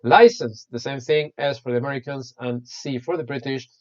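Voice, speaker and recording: Male English teacher, Spanish native, mid pitch, chatty and encouraging, online-class computer mic, slightly muffled. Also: moderate pace. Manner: chatty, encouraging, addresses students by name.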